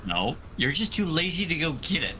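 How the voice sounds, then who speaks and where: A man's voice: on the high side, big pitch swings, moderate pace, bright, forceful tone, slight background noise. A man co-hosting a casual livestream chat, teasing and laughing often. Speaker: podcast co-host.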